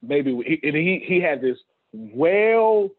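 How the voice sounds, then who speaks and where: A man's voice: mid-range voice, very animated, a little slow, breathy edge. A man leading a team meeting on a video call, talking emphatically in casual slang and repeating his points. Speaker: business leader hosting a team meeting. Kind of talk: motivational talk on a video call. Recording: tinny phone-like call audio.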